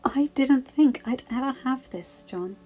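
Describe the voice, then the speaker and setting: A woman's voice: high-pitched, a little slow, darkish tone, muffled recording, soft background music, voice pushed up. A woman voicing an emotional young empress and new mother who speaks tenderly to her husband. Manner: tender, heartfelt, a little raised.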